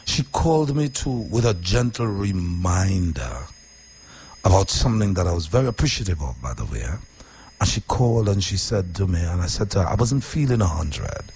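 A man who hosts radio, talking casually about his week, deep-voiced when calm and emphatic with repeated phrases. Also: moderate pace, slight background noise. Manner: repetitive, emphatic, swings from quiet and low to high and animated. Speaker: radio host. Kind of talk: casual personal talk.

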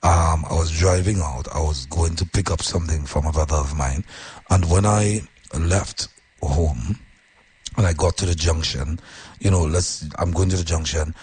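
Very husky, deep-voiced male radio host. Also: normal speed. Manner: animated, earnest, preacher-like exhortation. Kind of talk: casual on-air storytelling and advice.

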